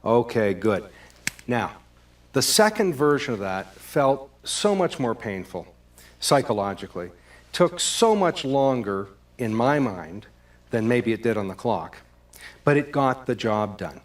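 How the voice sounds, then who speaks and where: A man, a presenter giving a scripted talk on communication in a lively storytelling manner. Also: medium pitch, measured pace. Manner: lively storyteller, acts out both sides of a call. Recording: distant microphone.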